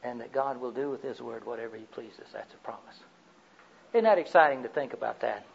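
An older man preaching a sermon, telling personal stories in a folksy way, swinging from loud to quiet. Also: medium pitch, fairly quick, vocal fry, slightly rough, highs cut off.

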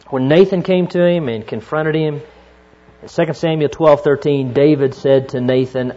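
Fervent preacher, a higher-pitched middle-aged man. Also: moderate pace. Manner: preaching that swings from hushed storytelling to fervent exhortation. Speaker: pastor. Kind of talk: sermon. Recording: dull lo-fi recording.

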